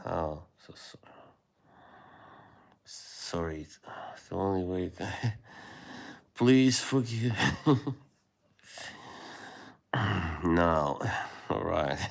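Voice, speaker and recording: A man hosting a livestream, chatting casually with viewers in a rambling, hesitant way with many fillers and soft laughs. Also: sits low, animated, extremely slow, creaky, long pauses. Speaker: livestream host.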